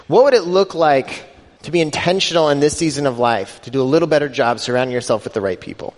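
Speaking fast in a somewhat high voice, this man preaches in a chatty style, building intensity as he goes and voicing the scripture he quotes. The sound carries a long reverb typical of a big hall.

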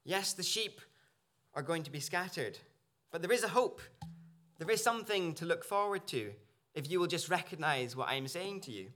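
A man's voice: fairly high pitch, expressive, normal speed, pushed and bright. A man preaching a sermon in earnest, searching tones, with small restarts as he works through a passage. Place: church.

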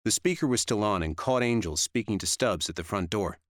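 A man giving steady, measured first-person audiobook narration. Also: lowish voice, no room sound, clean studio sound.

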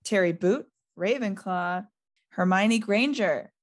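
A woman hosting a podcast reads from a novel and recaps it with a guest, speaking quickly and lively with little laughs, in a mid-range voice.

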